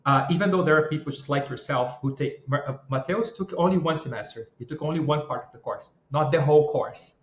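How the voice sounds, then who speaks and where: A man who teaches English exam-prep courses, explaining things in a measured way as a podcast guest. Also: a little high. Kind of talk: interview guest answering questions. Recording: roomy, muffled mic.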